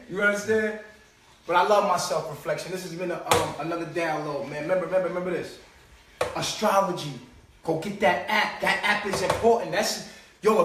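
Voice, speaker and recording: A man with a high voice gives a loose, preachy monologue on a live stream. He swears freely, laughs at his own points and keeps firing rhetorical questions. The sound is roomy and distant, as if he sits well back from the mic. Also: a bit bright, a little hiss or hum.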